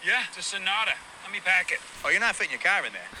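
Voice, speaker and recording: A man's voice: high-pitched, big pitch swings, rapid-fire, pushed and bright, a little hiss or hum, full character voice. A chirpy car guy in an ad. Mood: boastful. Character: cheerful Boston man showing off his car.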